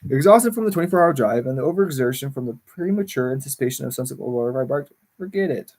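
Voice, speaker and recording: A man's voice: medium pitch, expressive, rapid-fire, a little mellow. A man reading a memoir aloud on a livestream, often stumbling over words and correcting himself.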